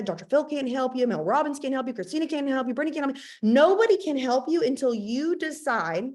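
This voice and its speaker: Emphatic, fired-up woman coach. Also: high voice. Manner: emphatic, repetitive, playful asides. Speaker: network marketing team leader. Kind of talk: motivational talk.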